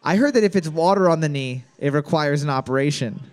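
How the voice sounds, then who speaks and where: Trivia host, male, higher register, reads questions twice, jokes in between. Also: a little fast, a little mellow. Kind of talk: comedic trivia podcast banter.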